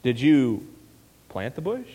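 A man playing a calm male deity who questions a prophet patiently with a gentle, sarcastic edge, heard in a reverberant hall. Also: medium pitch, takes it slowly, breathy edge, exaggerated voice. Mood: patient wry.

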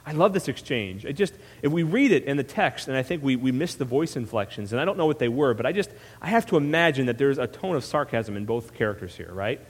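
A man preaching a sermon as pastor, telling the story with animated asides and frequent "right?" checks. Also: mid-range voice, quick pace, few pauses, husky. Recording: long reverb of a hall.

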